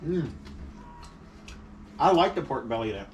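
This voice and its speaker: A man's voice: medium pitch, sing-song, unhurried. A man hosting a casual home food vlog, playful and chatty, laughing often. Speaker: vlog host. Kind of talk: casual mukbang chat. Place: home dining table. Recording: distant camera mic with faint noise.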